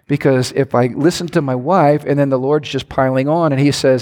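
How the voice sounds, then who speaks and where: A man preaching a sermon as a pastor, animated, with sudden shouts and playful impressions. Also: medium pitch, fairly quick. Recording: long church hall reverb.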